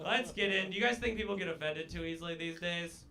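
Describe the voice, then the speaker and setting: A man performs stand-up on a club stage, delivering dark jokes in a dry, sardonic way and teasing people in the crowd. His voice sits a little high for a man. Loud laughter from the audience keeps breaking in around him. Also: fast, heavy background noise. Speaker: stand-up comedian. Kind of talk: stand-up comedy set.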